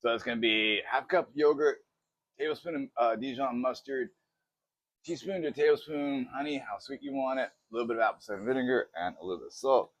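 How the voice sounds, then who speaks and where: A man chatting through a casual cooking demo in his home kitchen, excitable and poking fun at himself. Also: mid-range voice, brisk, no room sound. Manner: chatty, excitable, self-mocking. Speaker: cooking vlogger.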